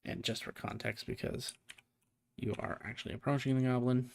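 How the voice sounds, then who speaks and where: A man in the game-master seat, narrating a fantasy scene at a mid pitch for a man. He thinks aloud as he goes, with plenty of ums and restarts and an amused edge. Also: fairly even intonation, moderate pace, vocal fry.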